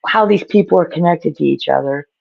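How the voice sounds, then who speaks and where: A man's voice: on the high side, a little fast, vocal fry, no echo. A man chatting as a guest on a video call, rambling and self-deprecating, often trailing off mid-thought. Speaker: guest author. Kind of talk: casual video call chat. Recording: dull lo-fi call audio.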